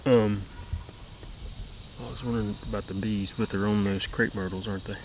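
A young man with a fairly low voice chatting outdoors about his homestead. He speaks in an easygoing, plainspoken way and lets sentences trail off. Faint crickets and insects chirp behind him. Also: fairly even intonation, moderate pace, slight background noise, rough recording. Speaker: homestead vlogger, co-host. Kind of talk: casual chat. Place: outdoors at a garden.

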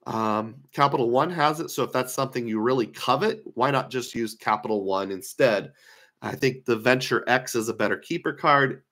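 A man's voice: mid-range voice, fairly bright tone. A man giving a casual screen-share lecture on credit card points, talking through his opinions with fillers, his voice slightly worn. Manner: conversational, opinionated, thinking aloud with fillers.

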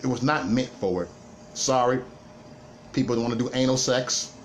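A man's voice: medium pitch, normal speed, a little hiss or hum. A man hosting a livestream, delivering an emphatic, repetitive rant to viewers, stumbling into stammered restarts as he goes. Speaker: livestream host. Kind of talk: ranting livestream monologue.

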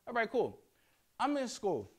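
A young man from Yonkers with a New York accent, telling playful, slangy stories as a guest speaker to high school students. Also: measured pace. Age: young adult. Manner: animated, slangy, playful storytelling. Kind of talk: storytelling talk to students. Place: school classroom.

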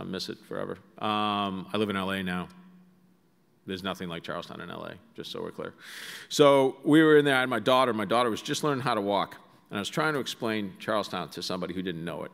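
An author in a large auditorium tells wry stories sprinkled with asides, his lowish voice fairly bright. He's a middle-aged man with a Boston accent, and the recording carries a long hall reverb.

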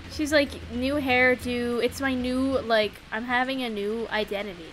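A young woman streaming a farming game, giggling and chatting playfully, putting on quick voices for the characters. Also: fairly high pitch, a bit bright. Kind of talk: live gameplay commentary. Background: faint game music.

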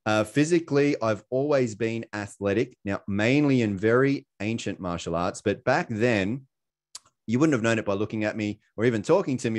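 A man's voice: on the low side, darkish tone. A man with an Australian accent giving a casual, chatty presentation over a video call, with many fillers and little self-deprecating laughs. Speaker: presenter sharing his story.

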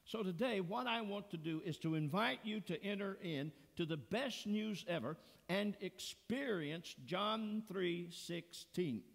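A man preaching a sermon as pastor in a church sanctuary, earnest and deliberate, pressing hard on key words. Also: high-pitched, vocal fry. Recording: long church reverb.

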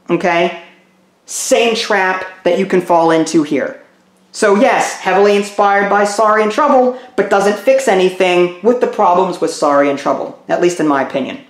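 A man with a hoarse, sick voice giving a frank, casual spoken review as host, often repeating his words as he thinks. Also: high-pitched. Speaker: game reviewer. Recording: roomy echo.

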